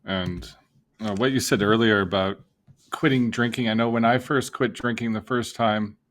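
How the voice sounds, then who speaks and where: A man who hosts a podcast on sobriety, asking his guest questions in a relaxed, casual way. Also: low voice. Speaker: podcast host, sober life coach. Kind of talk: casual interview.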